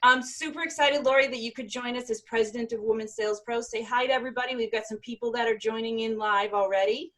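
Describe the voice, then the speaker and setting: Woman from maine hosting a live sales webinar, kinda high voice, excited intros, video call audio. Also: poor audio. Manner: enthusiastic, quick introductions. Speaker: host of a virtual sales event.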